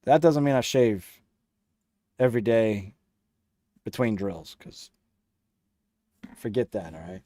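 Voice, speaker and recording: A man's voice: fairly low pitch, animated, slow, pauses often, mellow, no room sound. A young man hosting a casual livestream, reading chat aloud and teasing viewers with a laugh.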